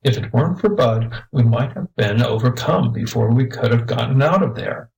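A man's voice: medium pitch, animated, normal speed, gravelly, a little mellow, distant mic, rough recording. A man voicing a worried adult man in a mine, speaking in an anxious tone. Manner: anxious questioning.

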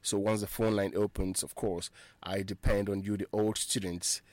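A man's voice: lowish voice, flat delivery, normal speed, darkish tone, no room sound. Brief: male radio host teaching basic French, patient, spells words letter by letter, dry close mic. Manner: spells words letter by letter, repeats phrases for listeners.

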